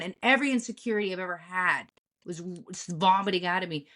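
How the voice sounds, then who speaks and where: A woman's voice: on the low side, fast. A young adult woman co-hosting a podcast, telling a personal story bluntly, with lots of swearing and vivid retelling. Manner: blunt, profane, animated retelling. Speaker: podcast co-host. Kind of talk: candid storytelling chat.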